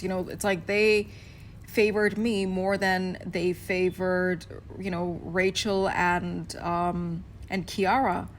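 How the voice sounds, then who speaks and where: A young woman telling a personal story in a casual rant, frank and profane, with many fillers and pauses. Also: lowish voice, slight background noise.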